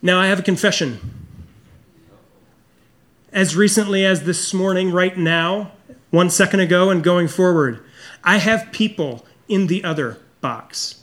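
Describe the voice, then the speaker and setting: Middle-aged male pastor with a high-pitched voice, preaching earnestly and personally. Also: measured pace, pauses often. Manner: earnest, confessional, drops low and soft for emphasis. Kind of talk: sermon.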